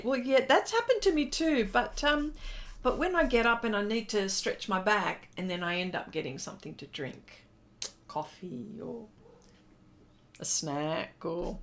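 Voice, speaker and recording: A middle-aged woman artist hosting a livestream, reading viewers' comments aloud and chatting back with lots of fillers. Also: mid-range voice. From lives in Texas. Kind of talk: casual livestream chat while drawing.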